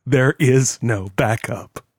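A man's voice: mid-range voice, husky, no room sound. A man putting on a furious heavyset hacker who hisses and rants, dragging out his bitter words and flaring into screams, voiced in a dry, close audiobook read. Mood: despairing. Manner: hissing, ranting, drawn-out bitter outbursts. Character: volatile heavyset male hacker, bitter, profane.

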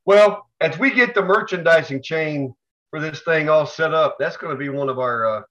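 A man co-hosting a casual podcast, telling family stories in an animated way and acting out the people in them. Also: fairly high pitch, moderate pace. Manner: animated storyteller, acts out family members with yells. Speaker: podcast co-host. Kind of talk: casual storytelling chat. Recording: dull lo-fi recording.

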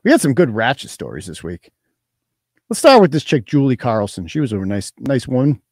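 A man's voice: mid-range voice, very animated, fairly quick, a little mellow, no room sound. A man hosting a casual livestream, talking in a crude, mocking, profane way. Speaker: host.

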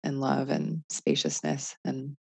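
A podcast co-host, likely in her thirties, speaks in a very deep, breathy voice with vocal fry, slow but very animated, in a dry room. Her casual talk is reflective, full of fillers as she thinks things through.

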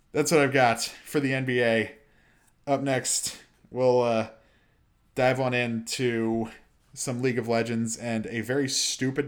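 A young man hosting a solo sports and gaming podcast, chatty and excitable, breaking into exasperated rants. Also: medium pitch. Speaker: podcast host.

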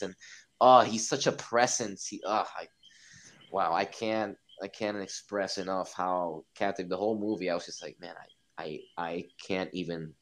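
A man chatting excitedly on a podcast, swearing often and acting out his own reactions. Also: low-pitched, low-quality recording. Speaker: podcast guest. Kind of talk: casual podcast chat.

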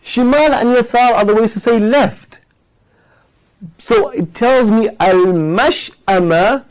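Man, fairly high voice, patient lecture, checks in with "yes?". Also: poor audio. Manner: recites Arabic verses slowly. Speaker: Quran teacher. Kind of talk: explanatory class lecture.

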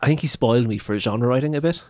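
A man's voice: mid-range voice, fast, a little mellow, dry recording, studio quality. A man in a casual book chat, giving thoughtful, earnest opinions about a writer.

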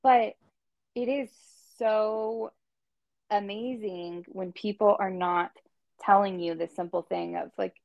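A woman's voice: medium pitch, fairly even intonation, slow pace, vocal fry, no echo, muffled recording. A woman hosting a podcast, answering her guest with many short, supportive affirmations. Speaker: podcast host. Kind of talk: casual interview chat.

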